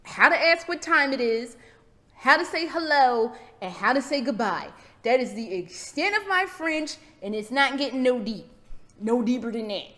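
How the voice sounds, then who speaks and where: A woman's voice: high voice, normal speed. A young American woman ranting casually to camera as a vlogger, hyper, rambling and swearing freely. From United States. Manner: hyper, profane, rambling and animated.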